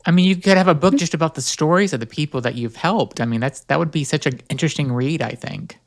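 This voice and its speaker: A man's voice: a little high, fast. A man hosting a podcast, asking curious follow-up questions in a casual interview. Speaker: podcast host.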